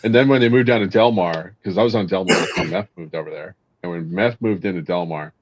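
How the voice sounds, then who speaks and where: A man's voice: low-pitched, fast talker, a little hiss or hum. A man, a Marine veteran, joking crudely in casual chat. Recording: dry, dull lo-fi sound.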